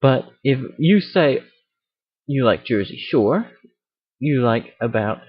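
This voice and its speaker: A man hosts a casual rant video, rambling and joking about himself in a medium-pitched, slightly rough voice. He's expressive but takes it slowly, and the computer mic audio is dry and dull with no echo.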